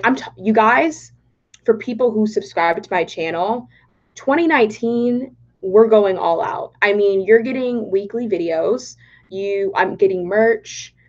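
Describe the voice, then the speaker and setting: Bubbly young Texan woman on a lo-fi livestream. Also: medium pitch. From Texas, Dallas. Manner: bubbly and excitable, reads chat aloud. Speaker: political vlogger. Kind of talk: casual livestream chat. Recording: dull lo-fi livestream audio.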